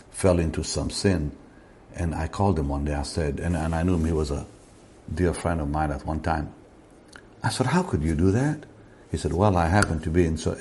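A man preaching a sermon slowly and deliberately, rising in pitch to stress key words. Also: warm tone, slight background noise.

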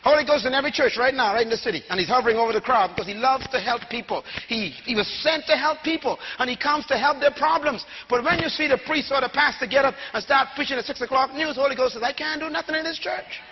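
A man preaching a sermon to a congregation, shouting and leading call-and-response. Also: very high-pitched, fast, few pauses, highs cut off, a little hiss or hum. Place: church before a congregation.

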